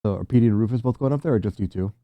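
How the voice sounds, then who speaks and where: A man running a tabletop game as game master, narrating in a relaxed, casual way. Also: lowish voice, racing, no echo, muffled recording.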